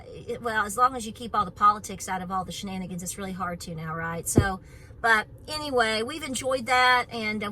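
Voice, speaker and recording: A woman's voice: a little high, background noise. A middle-aged woman from Knoxville with an East Tennessee Southern accent, chatting casually and outspokenly to camera as host of her homestead channel. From Knoxville, Tennessee, USA. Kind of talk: casual vlog chat to camera. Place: on her farm, about to go for a run.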